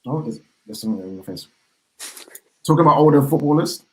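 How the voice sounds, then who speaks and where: A young man from the West Midlands of England, talking as a podcast guest in animated, slang-heavy casual banter about football. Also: medium pitch, fast talker, poor audio.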